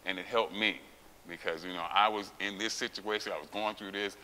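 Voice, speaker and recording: A man's voice: lowish voice, fairly even intonation, brisk. Profane, emphatic man in a gym. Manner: profane, emphatic, acts out quotes with loud outbursts. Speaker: guest, former champion weightlifter. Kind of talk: candid interview storytelling. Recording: long reverb with faint hiss.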